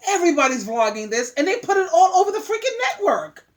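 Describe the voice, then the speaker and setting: A woman's voice: very high voice, very animated, quick pace, a little hiss or hum. A woman vlogger delivering a preachy, scolding monologue, repeating words for emphasis. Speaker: vlogger giving advice.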